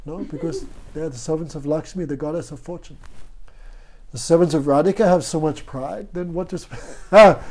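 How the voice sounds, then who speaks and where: A man's voice: a little high, normal speed, darkish tone. Man giving a devotional class. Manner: storytelling, asks the audience "no?" often. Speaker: spiritual teacher.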